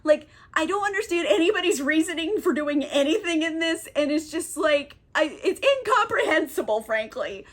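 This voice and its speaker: High-voiced woman, rambling and exasperated. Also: expressive, a bit bright. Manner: rambling, exasperated, laughing, acts out quick character voices. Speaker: book reviewer. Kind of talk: casual comedic recap.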